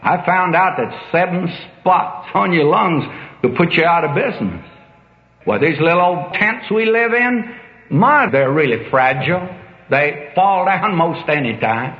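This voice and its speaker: A man's voice: a little high, expressive, a little slow. Older man preaching in an echoey hall. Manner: folksy, emphatic storytelling preacher. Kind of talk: sermon. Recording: dull echoey hall recording.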